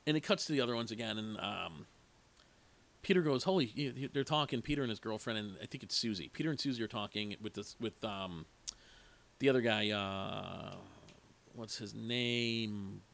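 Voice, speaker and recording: A man's voice: on the low side, normal speed, creaky, a bit bright. A man casually retelling the plot of an eighties horror movie, rambling with asides and acting out the characters' lines. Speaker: movie reviewer.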